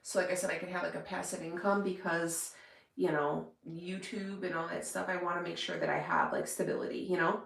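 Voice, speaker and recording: A woman's voice: on the low side, lively intonation, fairly quick, vocal fry. A woman vlogger chatting casually to her viewers, rambling with lots of fillers and restarts. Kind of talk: casual chat to camera. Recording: echoey room.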